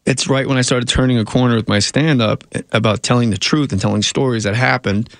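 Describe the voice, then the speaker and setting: Man, gravelly, casual interview storytelling, rambling, self-interrupting, dry sound. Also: mid-range voice, steady tone, a little fast, no room sound. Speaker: guest, comedian and actor.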